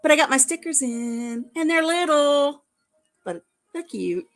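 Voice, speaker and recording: An older woman chatting casually to her viewers on a live stream. She rambles cheerfully and laughs at herself often. Her voice sits a touch above the usual pitch. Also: animated, measured pace, faint music behind. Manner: chatty, laughing, self-deprecating. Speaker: vlog host.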